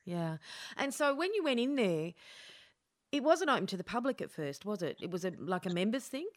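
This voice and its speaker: A woman's voice: medium pitch, very animated, normal speed, dry recording, studio quality. A woman interviewing a guest in a casual conversation, thoughtfully summing up his points and asking follow-up questions. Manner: reflective, sums up the guest's points.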